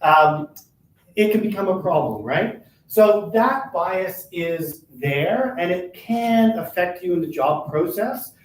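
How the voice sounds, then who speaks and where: An older man with a somewhat high voice presents a live workshop, talking quickly and keeping his listeners with him by asking "right?" and "all right?" He is caught from a distance by a room mic in an echoey space, with faint noise underneath. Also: expressive. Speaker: workshop presenter for a workers' advocacy centre. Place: meeting room at a chamber of commerce.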